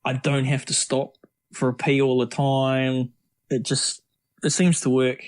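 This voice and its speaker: A middle-aged triathlete, appearing as an interview guest, tells casual, rambling anecdotes and often restarts his sentences. His voice is middling in pitch, monotone, and a little slow.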